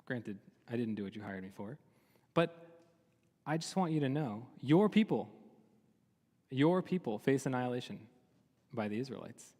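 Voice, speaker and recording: A man's voice: medium pitch, expressive, moderate pace, long pauses, a little mellow, long reverb tail, natural voice. A man voicing an exasperated prophet-for-hire from an ancient tale who talks bluntly in everyday modern phrasing. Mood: cold warning. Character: exasperated male prophet-for-hire of old, brusque.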